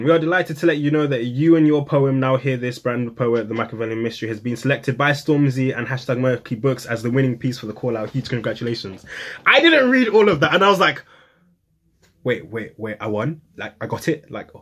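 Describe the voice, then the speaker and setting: Young man telling a story, husky voice. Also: a little fast, hardly any pauses. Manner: animated, acts out quotes with sudden high bursts. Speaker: poet and vlogger. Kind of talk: casual storytelling to camera.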